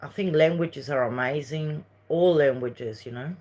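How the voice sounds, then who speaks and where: On a casual livestream, a Uruguayan host with a Uruguayan Spanish accent wanders between topics and reads her viewers' messages. Her low voice is a little slow and a little mellow.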